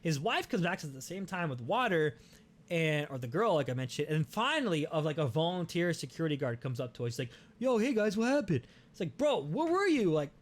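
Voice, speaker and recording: Animated, swearing young man telling a story. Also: a little high, brisk. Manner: animated, profane, many restarts. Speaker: podcast host. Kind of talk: casual storytelling.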